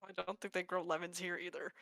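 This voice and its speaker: A woman's voice: lowish voice, level tone, quick pace, vocal fry, fairly bright tone, dry recording. Woman player, rambling, filler-heavy, close dry sound. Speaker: tabletop game player. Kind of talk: casual play chat.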